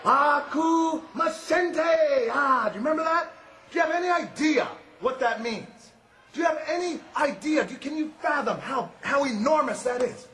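Brash wrestler, loud third-person trash talk, high bright tone, roomy arena sound. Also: male voice, animated, normal speed. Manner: boastful, shouting, refers to himself in the third person. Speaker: pro wrestler cutting a promo. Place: large indoor arena. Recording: echoey arena with faint crowd noise.

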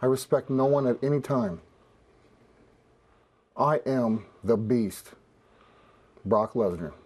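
A professional wrestler speaking in a blunt, boastful way. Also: male voice, medium pitch, lively intonation, slow, a little mellow, breathy edge. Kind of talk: wrestling promo.

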